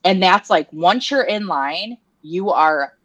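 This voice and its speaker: A woman's voice: lowish voice, expressive, slow, fairly bright tone, no room sound. A woman co-hosting a podcast in casual chat, talking loosely with many fillers. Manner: chatty, lots of "like" fillers. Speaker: podcast co-host. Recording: dull, muffled lo-fi sound.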